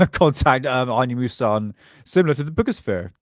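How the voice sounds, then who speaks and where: A man's voice: mid-range voice, expressive, normal speed, no echo, clean studio sound. A man hosting a live stream from his desk, casually chatting, joking, rambling and laughing often.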